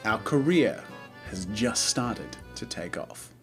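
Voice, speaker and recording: A man hosting a gaming video, giving playful, excitable commentary. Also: on the low side, slow, music in the background. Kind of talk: energetic gameplay commentary.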